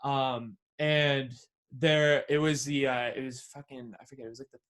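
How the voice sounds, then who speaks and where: Hosting a podcast, a young adult man from the San Francisco Bay Area tells a story casually and animatedly, full of slang. He speaks at normal speed in a mid-range voice, swearing freely and acting out what others said.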